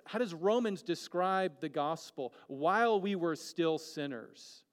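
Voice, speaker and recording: A man preaching a sermon earnestly, moving between emphatic peaks and hushed, quiet lines. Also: a little high, in a large hall.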